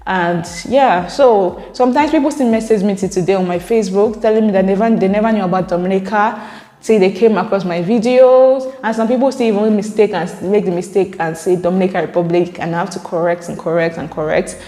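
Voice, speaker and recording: A chatty woman vlogger talks casually to her camera about viewer comments, and her speech is full of filler words. Her voice sits at a middling pitch. The room is echoey, with a long reverb trailing after her words. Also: a little fast, mellow.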